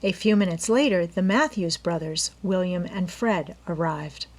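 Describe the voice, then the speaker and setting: A woman narrating a classic mystery novel as an audiobook reader, in an even storytelling manner. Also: lowish voice, normal speed, few pauses. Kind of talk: scripted narration.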